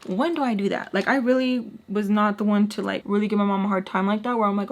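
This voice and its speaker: A young woman chats through a story while she does her makeup. She is sassy and animated, and she drops into quick acted-out quotes and side comments. Her voice sits at an ordinary middle pitch for a woman. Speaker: storytime vlogger.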